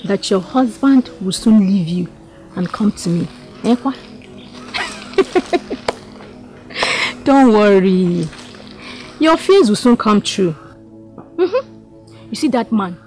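A woman's voice: medium pitch, sing-song, slow pace, long pauses. An actress with a Nigerian accent playing a bold young woman who chases a married man and mocks his wife. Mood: mocking. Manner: brazen, mocking. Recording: film scene with loud background music.

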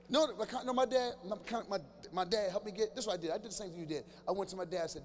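A male stand-up comedian riffing with someone in a live audience, teasing loudly and breaking into sudden shouted bursts. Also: sits high, fast talker, few pauses. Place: large church hall before a live audience. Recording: reverberant hall with faint ambient noise.

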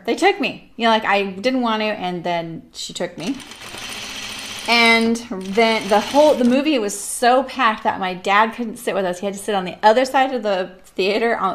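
Woman sewing host, forties, casual rambling chat, mid pitch, fillers and restarts. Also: slight background noise. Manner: chatty, rambling storyteller with frequent fillers and laughs. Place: home sewing room.

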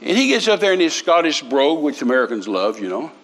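A man's voice: on the high side, sing-song, fast talker, fairly bright tone. An older man, preaching a sermon through folksy, humorous stories with many restarts. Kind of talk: storytelling sermon.

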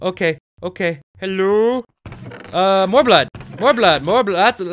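Jumpy young male gamer, bright voice. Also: high voice, measured pace. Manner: jumpy, shouting and screaming when startled. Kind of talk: let's play commentary.

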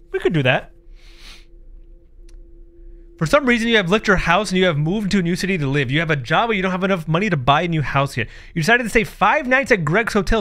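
A man's voice: sits high, animated, brisk, sharp tone. A man doing comedic commentary while playing a horror game, joking, sarcastic, laughing often and reading the game's text aloud. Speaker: gaming streamer.

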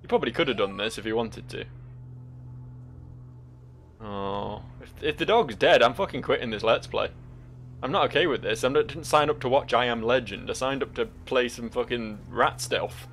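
A man's voice: mid-range voice, moderate pace, fairly bright tone, soft background music. A man giving joking, sweary let's play commentary over a game. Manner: joking, sweary, laughing often. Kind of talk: gameplay commentary.

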